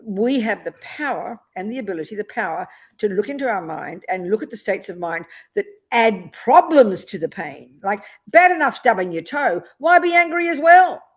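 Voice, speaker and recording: A Buddhist nun teaching a dharma talk, blunt and emphatic, often checking with rhetorical questions. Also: female voice, medium pitch, animated, normal speed.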